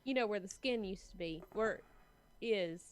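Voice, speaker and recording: A woman's voice: mid-range voice, normal speed, a crowd in the background. A woman at a tabletop game, rambling and amused in casual chat. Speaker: player.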